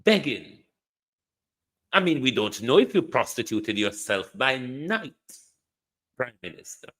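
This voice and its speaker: A man's voice: mid-range voice, big pitch swings, unhurried, sharp tone. A man with a Jamaican accent giving indignant, mocking political commentary, repeating phrases for emphasis.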